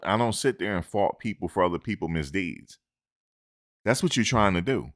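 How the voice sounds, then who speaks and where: Deep-voiced man ranting about sports. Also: normal speed. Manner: animated, emphatic, repeats points, lectures listeners. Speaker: sports commentator. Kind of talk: opinionated sports talk. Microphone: close microphone.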